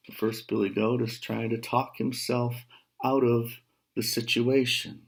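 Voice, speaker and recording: A man's voice: mid-range voice, fairly even intonation, measured pace, vocal fry, slightly rough. A man from Detroit reading a children's story aloud, stopping now and then to explain what is happening. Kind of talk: storybook read-aloud with asides.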